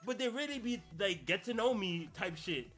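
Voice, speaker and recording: A man's voice: sits high, lively intonation, moderate pace, a bit bright, faint music behind. A young adult man hosting a podcast, talking in casual, slangy solo commentary and laughing through his rants. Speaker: podcast host.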